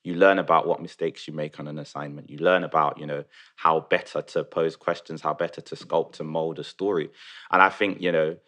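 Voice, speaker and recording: Very deep-voiced young man, upbeat. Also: steady tone, fairly quick, sharp tone. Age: 20s. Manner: upbeat, rambling, many "you know"s. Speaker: young newspaper journalist. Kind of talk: casual round-table chat. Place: kitchen table.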